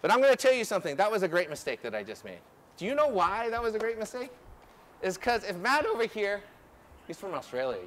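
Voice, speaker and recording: A man coaching a group through drills outdoors, energetic and instructive, often checking in with "okay?". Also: high voice, a little hiss or hum. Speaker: ultimate coach. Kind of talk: outdoor coaching clinic demonstration. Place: outdoor field.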